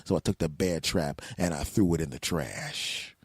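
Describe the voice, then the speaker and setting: A man hosting a podcast, telling comic stories in an animated way, acting out voices and swearing often. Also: rumbling low, moderate pace, husky, no room sound, studio quality. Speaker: podcast host. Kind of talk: comedic storytelling monologue.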